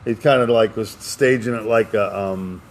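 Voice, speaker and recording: A man co-hosts a podcast in casual chat, telling jokes in an animated way and laughing often. His voice is lowish and his pace moderate.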